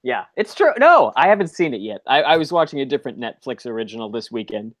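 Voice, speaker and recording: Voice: mid-range voice, very animated, quick pace, no room sound. A podcast co-host chattily retelling an episode in casual chat, rambling with filler words.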